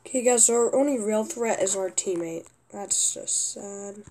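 A young woman commenting on her own gameplay, often exasperated and yelling at a teammate. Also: mid-range voice, a little slow. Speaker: gaming youtuber.

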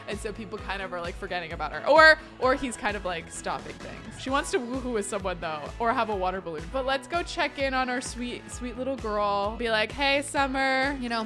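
A young woman commentating a life-sim game playthrough, excitable and gushing. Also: a little high. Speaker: gaming YouTuber.

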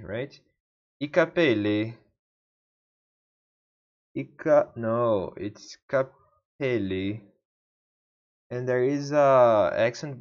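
A man's voice: mid-range voice, dull audio. A man whose first language is Portuguese, thinking aloud as he studies, muttering to himself and repeating words over and over. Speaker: language learner. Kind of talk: thinking-aloud self-study vlog.

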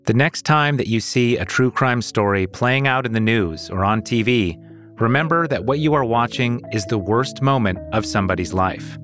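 A man co-hosting a podcast, reading scripted narration in a measured, deliberate way. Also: mid-range voice, fairly bright tone, soft background music. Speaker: podcast co-host.

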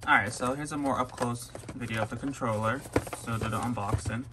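A young man hosting a casual unboxing vlog, talking in an awkward monotone full of ums. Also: mid-range voice, brisk. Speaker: unboxing vlogger. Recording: faint background noise.

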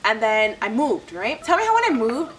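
A young woman telling chatty, animated stories as a vlogger. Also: on the high side, normal speed, far from the mic, slight background noise, rough recording. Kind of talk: casual storytime.

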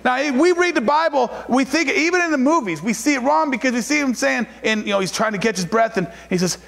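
A pastor preaching in a high, light male voice, his words ringing out in a long hall reverb. He hammers home points through repetition and rises to loud cries, then slows down to read scripture with deliberate weight. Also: animated, creaky. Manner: preaching with rising shouted emphasis and repetition; reads scripture slowly and deliberately. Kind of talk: sermon.

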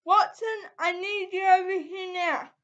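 A woman's voice: very high voice, fairly even intonation, measured pace, a bit bright, dull audio, pitched above the performer's own voice. A woman doing a brusque, stumped male detective. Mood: commanding. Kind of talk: amateur audio story reading.

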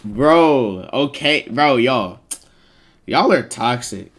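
Joking streamer man, mid-pitched voice. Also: extremely slow, pauses often. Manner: animated, joking, heavy slang and swearing. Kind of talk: casual live-stream chat with viewers.

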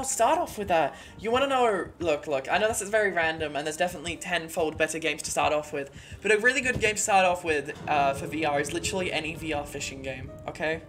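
Excitable low-voiced woman streaming. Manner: excitable, rambling, swears and laughs often. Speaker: streamer host. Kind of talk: casual live-stream chat.

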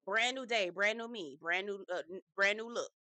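A woman's voice: mid-range voice, moderate pace, pushed and bright, no echo. A woman hosting her own casual TV review vlog, chatty and slangy, with emphatic asides to her viewers. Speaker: host.

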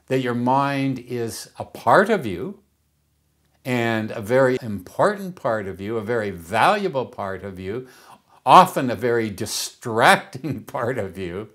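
Slow, unhurried man teaching. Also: mid-range voice, a bit bright. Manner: unhurried, repeats words while searching for phrasing. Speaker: mind power teacher. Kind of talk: reflective teaching talk.

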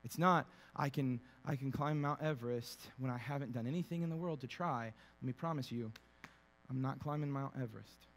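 A young pastor preaches a casual, humorous sermon, speaking a little fast at medium pitch. He's animated and acts out quotes in playful, funny voices, and the recording carries a long reverb tail.

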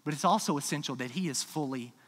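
A man preaching a sermon as pastor, emphatic, swinging between quiet asides and loud declarations. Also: a little high, fast talker. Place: church sanctuary. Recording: long hall reverb.

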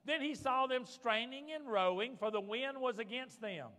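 A male pastor preaches fervently, his bright, forceful voice pushing each point home. He keeps asking the congregation for an amen, and his words carry a long reverb through the church sanctuary. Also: very high voice, normal speed. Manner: fervent, calls for amens from the congregation. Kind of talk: sermon. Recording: long reverb of a large hall.

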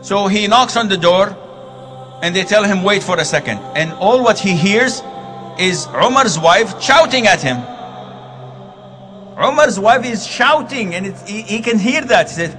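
A man's voice: high voice, lively intonation, unhurried. A man preaching a sermon on marriage, telling stories and acting out the quoted dialogue. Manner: storytelling, acts out quoted dialogue. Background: music.

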